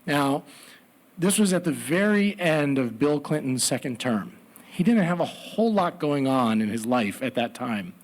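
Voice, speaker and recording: A man telling a personal story at a live story slam, animated with comic asides. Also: fairly high pitch.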